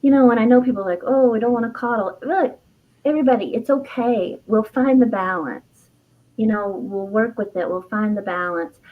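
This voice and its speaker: A woman's voice: mid-range voice, normal speed. Middle-aged woman sharing her story, heartfelt and candid, laughs a lot, kinda dull lo-fi audio. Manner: earnest and heartfelt, laughs often, trails off and restarts. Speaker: herbalist and author, interview guest. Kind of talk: candid personal storytelling in conversation.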